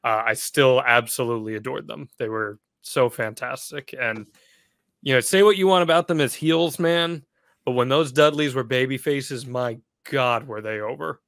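A man co-hosting a podcast, asking questions and reminiscing like an excited fan, laughing easily. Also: mid-range voice, moderate pace, vocal fry, no echo. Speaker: podcast co-host. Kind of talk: casual chat.

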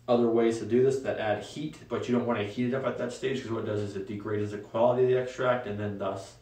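Young guy hosting a chill talk show, lowish voice, kinda far from the mic in an echoey room, lots of ums. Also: quick pace. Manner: relaxed, rambling with many ums. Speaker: host. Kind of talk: casual solo talk show.

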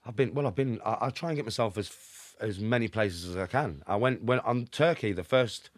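A middle-aged man with a Birmingham accent, a podcast guest telling rapid, emphatic anecdotes and constantly checking in with the listener. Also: on the low side, lively intonation, dry recording. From Birmingham, England. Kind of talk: casual storytelling.

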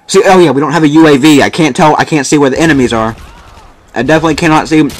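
A young man giving excited, boastful commentary while playing a shooter game. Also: fairly high pitch, very fast. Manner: boastful, frustrated, exclaiming. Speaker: gamer narrating his match. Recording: faint gunfire from the game behind.

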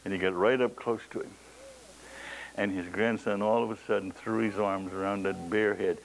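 A man's voice: on the low side, steady tone, moderate pace, gravelly, poor audio. A man preaching a sermon, telling stories dramatically and reading scripture aloud, his voice rising for emphasis. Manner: dramatic storytelling, voice rises for emphasis; reads scripture in old King James wording.

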